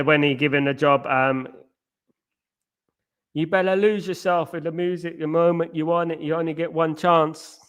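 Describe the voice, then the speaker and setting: A man's voice: fairly high pitch, fairly bright tone. A man hosting a live football watchalong stream. He chats casually with viewers and keeps singing playful chant parodies.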